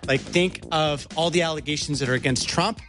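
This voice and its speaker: A man co-hosting political talk radio in a slightly higher-than-usual male voice. He sounds sarcastic and incredulous as he builds his points. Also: a little fast, music in the background. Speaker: radio co-host.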